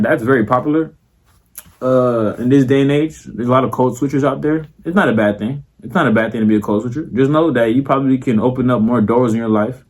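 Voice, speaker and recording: With a medium-pitched, slightly mellow voice, a young Floridian content creator speaks to camera. His talk is casual and profane, packed with slang and filler tags, and "you feel me" comes up again and again.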